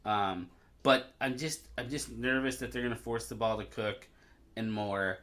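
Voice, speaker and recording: A man co-hosting a casual podcast, thinking aloud with pauses and fillers. His voice has a bright, forward tone at a middle pitch. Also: fairly even intonation. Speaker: podcast co-host. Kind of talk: casual chat.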